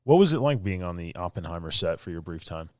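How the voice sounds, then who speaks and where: A man's voice: deep voice, lively intonation, quick pace, darkish tone, no echo. A man hosting a podcast interview, easygoing and chatty. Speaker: podcast host. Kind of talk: casual interview chat.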